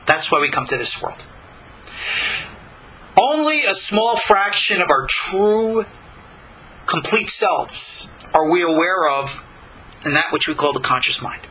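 An older man from Long Island, giving a slow, deliberate spiritual lecture with many pauses. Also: on the high side, sing-song, sharp tone, slight background noise, poor audio. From Long Island, New York. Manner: slow, deliberate, pausing between phrases. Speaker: spiritual teacher.

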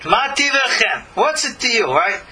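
A man voicing God as a swaggering male mafia godfather, with a mock Sicilian gangster accent, brash and loud. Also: very high voice, big pitch swings, normal speed, crowd noise, pitched above the performer's own voice, rough recording.

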